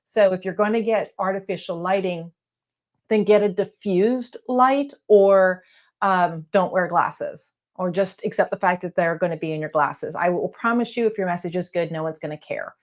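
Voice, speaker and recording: A woman talking casually to camera from her office as a coach, blunt and encouraging, with some letters not said crisply. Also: lowish voice, normal speed. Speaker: real estate video coach. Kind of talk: casual advice talk to camera. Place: home office lit by lamps.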